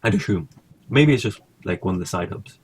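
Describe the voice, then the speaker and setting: A man's voice: low-pitched, expressive, a little fast, slightly rough. A man casually commentating his own gameplay, thinking aloud and swearing now and then. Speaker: gaming streamer.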